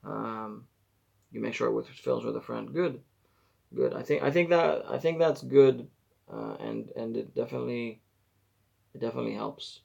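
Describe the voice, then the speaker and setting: Gravelly man rambling on a live stream. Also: medium pitch, normal speed, darkish tone, lo-fi sound. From Israel. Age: 40s. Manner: rambling, self-correcting, chatty advice.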